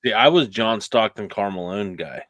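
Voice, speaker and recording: A man's voice: lowish voice, expressive, normal speed, a bit bright, dry recording. A man hosting a podcast, telling rambling stories in casual chat. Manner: rambling storyteller, lots of "like" and restarts. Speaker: podcast host.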